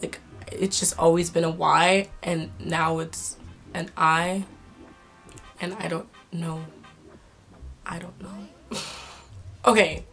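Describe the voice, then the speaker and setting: A young woman vlogging casually to camera, excitable and incredulous, with a sore throat. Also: lowish voice, slow, long pauses, faint music behind. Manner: excitable, swearing, laughing, incredulous.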